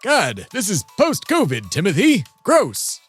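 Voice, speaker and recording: A man's voice: high voice, huge pitch swings, unhurried, slightly rough, dry recording, soft background music. A man hosting a comedy audio drama, speaking in a pompous, formal way as a centuries-old embodiment of America. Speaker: podcast host.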